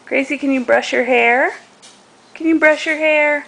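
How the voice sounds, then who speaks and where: A woman's voice: sits high, measured pace, gravelly, fairly bright tone. A woman filming her baby at home, coaxing her in a sing-song baby-talk voice.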